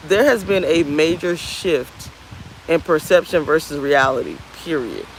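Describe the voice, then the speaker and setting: A woman's voice: low-pitched, sing-song, a little slow, slight background noise, low-quality recording. Candid rambling woman on a beach. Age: 30s. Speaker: vlogger. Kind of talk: casual talk to camera. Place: outdoors on a beach.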